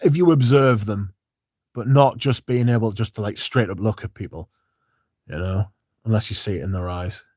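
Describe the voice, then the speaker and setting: Guy chatting away on his livestream, lowish voice, dry close sound. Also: moderate pace, dry recording. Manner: relaxed, rambling, chatty with fillers. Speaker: fragrance livestream host. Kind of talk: casual livestream chat, reading comments.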